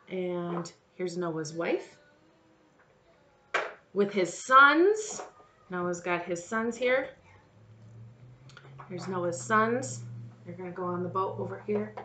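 A woman leading a children's message, telling a story to kids in an animated way and speaking to them directly. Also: on the low side, a little hiss or hum.

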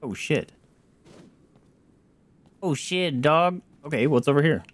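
A man streaming a video game, reacting with animated exclamations and casual swearing. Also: a little high, takes it slowly, a little hiss or hum. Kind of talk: casual gameplay commentary.

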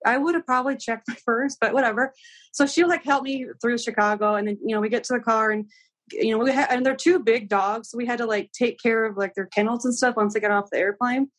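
A woman's voice: fairly high pitch, fast talker. A young woman guest telling a travel story in casual chat, acting out the dialogue with lots of "like". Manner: animated, acts out quoted dialogue, many "like"s.

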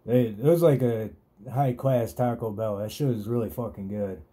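A man's voice: medium pitch, normal speed, mellow. A man hosting a podcast, telling a rambling, profane story in a laid-back, casual way. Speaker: podcast host.

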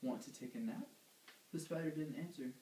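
A man's voice: on the high side, normal speed, dark tone, echoey room, a little hiss or hum, poor audio. A man reading a picture book aloud to a toddler, patiently coaxing the child and quizzing him on animal sounds.

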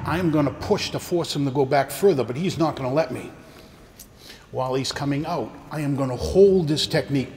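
A man's voice: a little high, a little mellow, a little hiss or hum. An older man teaching a karate seminar, explaining techniques and walking his students through partner drills. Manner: coaching, talks through demonstrations with partners. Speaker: karate instructor. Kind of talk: teaching a martial arts seminar. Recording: echoey hall with long reverb, faint ambience.

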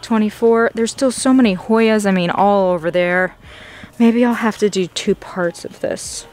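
A young woman filming a casual plant-shopping vlog in a nursery, gushing excitedly over the plants she finds. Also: medium pitch, a little slow. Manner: excited, gushing, frequent gasps. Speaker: plant vlogger.

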